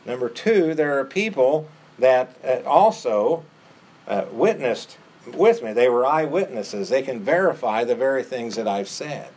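Earnest male preacher, mid-pitched. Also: expressive, measured pace, darkish tone. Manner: earnest, repeats phrases for emphasis. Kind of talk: sermon.

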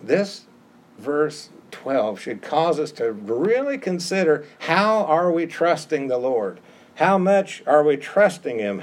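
A man preaches a sermon with a slightly raised pitch. He stresses his points by repeating key phrases. Now and then he drops into casual asides to his listeners. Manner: conversational asides. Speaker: pastor.

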